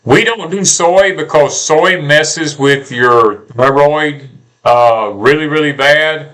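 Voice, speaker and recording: A man's voice: a little high, slow pace, fairly bright tone, poor audio. A man with a Southern US accent co-hosting a homestead channel, talking bluntly and repeating himself in casual porch chat.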